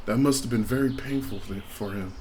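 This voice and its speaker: A man's voice: mid-range voice, brisk, darkish tone, slight background noise, close to an everyday voice. A man reading aloud the lines of a young princess in a game, in his own plain voice with little change. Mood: earnest. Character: young princess, earnest and composed.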